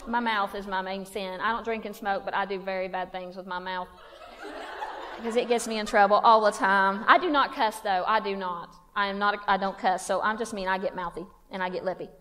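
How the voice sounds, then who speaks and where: This woman speaks at a medium pitch with fairly even intonation, a fairly quick pace, and a fairly bright tone, over slight background noise. She's telling a women's church conference a humorous, self-mocking story in a folksy style, her words echoing with long hall reverb.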